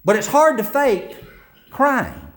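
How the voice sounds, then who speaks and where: A man's voice: very high voice, huge pitch swings, slow, a bit bright. A man preaching a sermon as pastor, earnest, repeating himself and restarting phrases.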